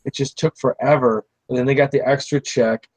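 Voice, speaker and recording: A man's voice: medium pitch, steady tone, brisk, darkish tone, dry recording, poor audio. A man, a podcast host telling a long, rambling story in casual chat. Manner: rambling, restarts, acts out quoted people.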